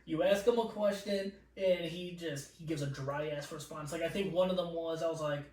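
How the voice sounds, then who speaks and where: Brief: animated profane storyteller, high voice, podcast guest, echoey distant mic. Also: male voice, normal speed. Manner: animated, profane, laughs while telling stories. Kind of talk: casual storytelling.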